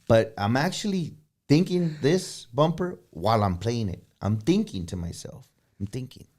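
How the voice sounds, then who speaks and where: A man, a guest musician, telling stories in a relaxed chat and dropping Spanish phrases in as he goes. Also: medium pitch, moderate pace. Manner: animated, drops Spanish phrases. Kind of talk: casual storytelling chat.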